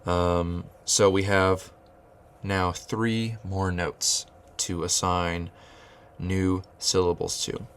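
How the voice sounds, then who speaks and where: A man's voice: deep voice, little pitch movement, slow pace, clean tone. A man teaching rhythmic solfege, explaining note beams and chanting counting syllables, often restarting his phrases. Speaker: music teacher.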